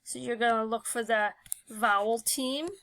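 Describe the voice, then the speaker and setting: A woman's voice: fairly high pitch, fairly even intonation, unhurried, fairly bright tone, slight background noise. A woman teaching a phonics lesson, talking patiently and thinking aloud with many fillers.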